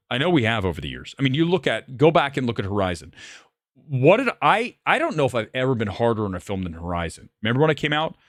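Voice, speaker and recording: Male livestream host, swings his pitch hard, bluntly profane film critic, close and dry sound. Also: no room sound. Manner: combative, profane, self-assured ranting. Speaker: movie review livestream host. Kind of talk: ranting livestream commentary.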